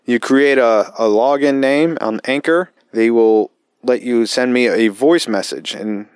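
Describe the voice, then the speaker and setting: A man's voice: mid-range voice, measured pace, smooth, no echo, clean studio sound. A man who hosts a podcast as a military veteran. He tells stories casually, swearing often and rambling with lots of fillers. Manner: profane, rambling, with frequent fillers. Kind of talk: casual storytelling.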